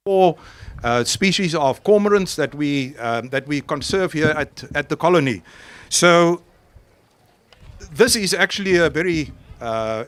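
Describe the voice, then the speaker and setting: A man gives a formal welcome speech outdoors at a coastal penguin colony. His voice sits a little high, and he speaks haltingly into a handheld microphone, pausing and restarting often. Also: no echo. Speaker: conservation official opening an event. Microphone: handheld microphone into a public address.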